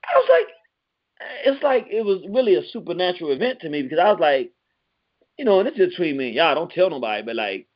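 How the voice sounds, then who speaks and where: Speaking fast on his lo-fi radio show, a man from Southeast Washington, D.C. gives an excitable, animated storytelling monologue. His pitch jumps as the story unfolds, and he uses streetwise slang, repeating words as he searches.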